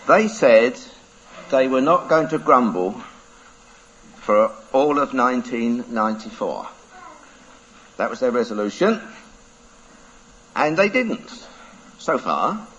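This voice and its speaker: A man, a preacher telling a playful story to children. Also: mid-range voice. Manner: lively, playful, laughs through the telling. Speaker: preacher giving a children's talk. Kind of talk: animated storytelling. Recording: dull lo-fi recording.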